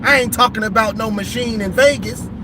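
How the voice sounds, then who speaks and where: High-voiced man talking sports. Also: fairly quick. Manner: emphatic, lively, repeats and restarts phrases. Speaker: sports vlogger. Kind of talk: casual sports talk. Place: in a car while driving. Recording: road noise from a moving car.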